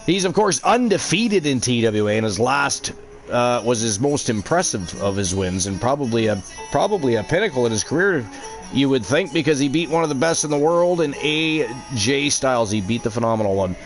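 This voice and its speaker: A man hosting a wrestling video game livestream, with casual, excitable commentary. He throws in mock announcer lines and crude jokes. Faint music runs quietly behind him. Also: mid-range voice, brisk. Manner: excitable, jokey, swears freely, announcer-style flourishes. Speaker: stream host and commentator.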